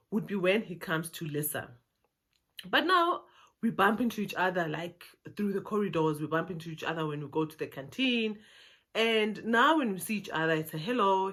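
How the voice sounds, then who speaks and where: A woman's voice: on the low side, fairly bright tone. A South African woman telling a personal story to her viewers in a casual, chatty way, often laughing. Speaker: YouTuber.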